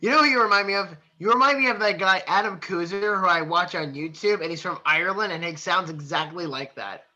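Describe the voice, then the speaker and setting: Very bright, high-voiced joking man. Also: a little fast, hardly any pauses, dull audio. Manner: giggly, rambling, laughs at his own jokes. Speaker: podcast co-host. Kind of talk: casual joking banter.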